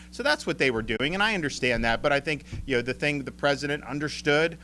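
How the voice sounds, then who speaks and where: A man's voice: fairly high pitch, quick pace, few pauses, slight background noise. A man in his forties with an American accent, telling a story at a press event in a rambling, repeating way and acting out the others he quotes. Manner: rambling, repeats words, animated quoting of others. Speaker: state governor. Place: emergency operations center.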